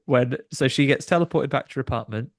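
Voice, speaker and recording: A man with a gravelly voice tells a film's story on a podcast. His telling rambles and restarts often, and he sounds animated. His mid-range voice is recorded close and dry. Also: medium pitch, fast talker, no echo. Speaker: podcast co-host. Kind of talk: casual chat recapping a film.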